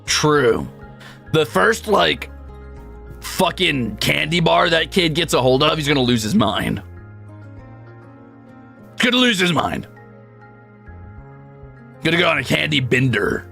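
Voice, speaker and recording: A man's voice: a little high, lively intonation, slow pace, gravelly, long pauses, sharp tone, faint music behind. A young adult man streaming, chatting casually and rambling through a profane story. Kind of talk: casual chat.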